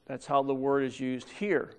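A man preaching a sermon in church, explaining Bible verses step by step and reading scripture aloud with pauses. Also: mid-range voice, steady tone, darkish tone, clear, resonant tone.

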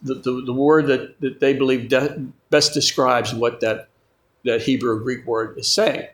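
A man preaching a sermon in a slow, emphatic way, often repeating words for stress. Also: medium pitch, fairly even intonation, fairly bright tone. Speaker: pastor.

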